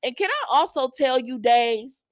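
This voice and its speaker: A woman chatting casually to her viewers as a soap opera recap vlogger, lively and talking straight to them. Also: high voice, normal speed, dry recording, studio quality.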